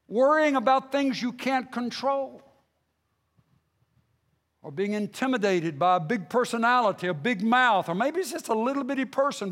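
A male pastor preaching a sermon with passion, repeating phrases and restarting himself, swinging between loud outbursts and hushed lines. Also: extremely high pitch, big-room sound.

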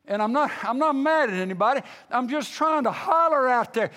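Very high-voiced impassioned male preacher. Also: animated, brisk, big-room sound. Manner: impassioned preaching, swinging between loud outbursts and hushed lines; repeats phrases, stammering restarts. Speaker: pastor. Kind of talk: sermon.

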